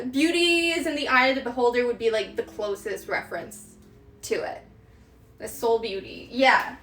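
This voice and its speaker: While cooking in her home kitchen, a woman chats casually on a stream, rambling with plenty of fillers and giggles. Her voice is on the high side and fairly bright, recorded from a distance so it sounds roomy, with faint background noise.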